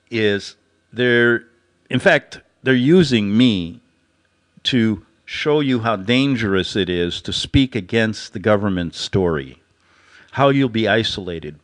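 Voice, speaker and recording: An animated male radio host spins a rambling satirical monologue. His pitch rises and falls a great deal as he tells the story, and he chuckles at his own jokes along the way.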